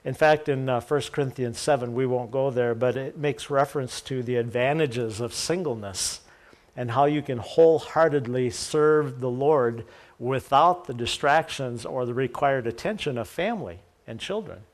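A male pastor preaching from the pulpit. He reads scripture aloud, then explains it in a relaxed, chatty way with light jokes for the congregation. His voice sits at a middle pitch for a man. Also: moderate pace. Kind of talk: sermon.

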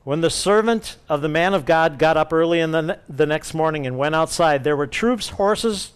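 Smooth-voiced male pastor preaching. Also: a little high, a little fast, few pauses. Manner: expressive, acts out quoted speech. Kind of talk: sermon with Bible reading.

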